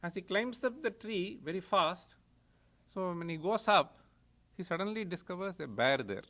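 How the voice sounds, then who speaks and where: A man's voice: high voice, animated, moderate pace, fairly bright tone. A middle-aged man giving a lecture as a professor, retelling stories with chuckles and explaining Sanskrit terms.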